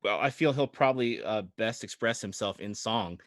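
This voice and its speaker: A man running a tabletop game as game master, narrating with animated, chuckling energy and frequent hesitations. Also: lowish voice, normal speed, dry recording.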